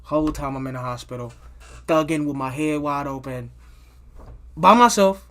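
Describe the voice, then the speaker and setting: A man recounting a personal story to his viewers in a loose, unscripted way. His voice sits a little high for a man. He swears freely, trips over restarts and keeps checking in with his listeners. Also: moderate pace, a bit bright. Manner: loose and profane, with many restarts and "you know what I'm saying" tags. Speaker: vlogger telling a personal story. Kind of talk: casual storytime monologue.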